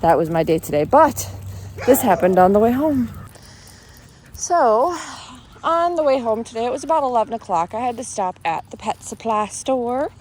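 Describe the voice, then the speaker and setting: A woman with a slightly high voice tells a story in a casual vlog. She talks as she walks outdoors and turns aside now and then to speak to her dog. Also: big pitch swings, normal speed, darkish tone, a little hiss or hum. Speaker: vlogger.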